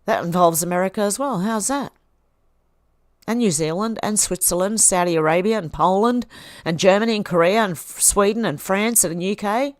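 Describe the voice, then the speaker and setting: Reading posts aloud and reacting in a chatty way, an Australian woman hosts a livestream. Her pitch is medium and her speed normal, and the studio-quality audio carries no echo.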